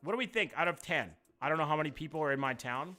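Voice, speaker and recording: A young man gives live-stream commentary in a bright, sharp voice. He talks with a lively, swooping delivery and swears freely. Soft music plays underneath. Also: a little high, very fast. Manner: animated, profane, jokey. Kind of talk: live-stream commentary, reacting and reading chat.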